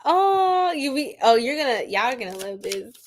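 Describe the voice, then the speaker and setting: A woman's voice: high voice, big pitch swings, moderate pace, background noise. A woman tarot reader, chatting and joking with viewers on a live stream and laughing often. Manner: laughing a lot, playful, chatty.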